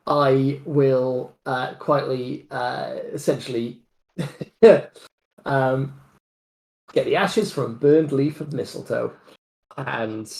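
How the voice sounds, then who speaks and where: Slow gravelly player at a tabletop game, lots of um and restarting. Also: medium pitch, poor audio. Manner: slow, halting, many restarts.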